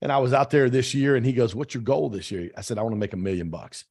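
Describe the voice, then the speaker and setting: Male podcast host, quick talker with a husky edge, emphatic and repetitive. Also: medium pitch, a little mellow. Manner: fast, emphatic storytelling with repeated phrases. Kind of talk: casual interview chat.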